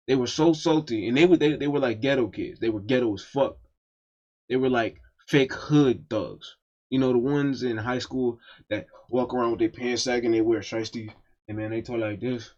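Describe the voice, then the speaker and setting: A man's voice: mid-range voice, moderate pace, a little mellow, dull audio. A man telling a personal story in a casual, profane and emphatic storytime monologue.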